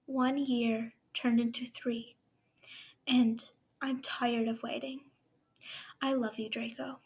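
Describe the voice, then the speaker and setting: A woman reading aloud a farewell letter from a heartbroken young man, softly and half whispered. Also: fairly high pitch, little pitch movement, takes it slowly, slightly rough, exaggerated voice. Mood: sorrowful.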